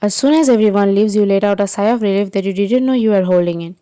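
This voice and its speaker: A woman narrating a second-person fan fiction story in an even, unhurried way. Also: mid-range voice, clear, resonant tone, dry recording.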